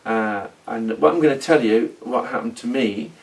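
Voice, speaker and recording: Man rambling through a halting story. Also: medium pitch, recorded from a distance, soft background music. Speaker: former oil company manager in a role-play. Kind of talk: unscripted role-play monologue.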